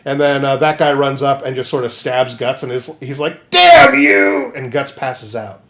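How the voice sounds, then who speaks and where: A man co-hosting a comedy podcast, retelling a story with lively jokes and goofy voices. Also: medium pitch, moderate pace. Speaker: podcast co-host. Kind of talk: comedic casual chat.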